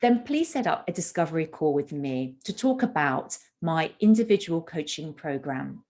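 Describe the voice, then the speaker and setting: A woman communication coach giving an instructional talk, with a measured delivery that leans on stressed keywords. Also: sits low, very animated, a little mellow.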